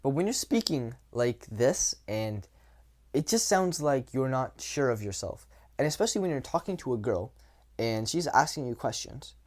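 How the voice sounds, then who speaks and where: A man's voice: mid-range voice, sing-song, moderate pace, a little mellow. A young man coaching viewers on dating in a casual, blunt way, swearing now and then and acting out examples. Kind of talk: casual talking-head advice.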